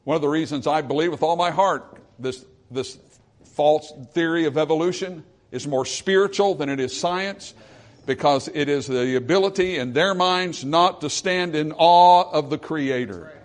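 A man preaching a sermon in a slightly high-pitched voice. He leans hard into emphatic lines, then drops to a hushed near-whisper to let a point land. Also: normal speed. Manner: preaching with emphatic swings between loud and hushed. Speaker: pastor.

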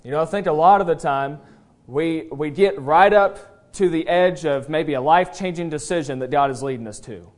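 A pastor preaching at a church service speaks from the pulpit in a fairly high voice. His manner is homespun and conversational, often halting on "uh" as he collects his thoughts. After telling a joke story, he drives the point home with earnest conviction.

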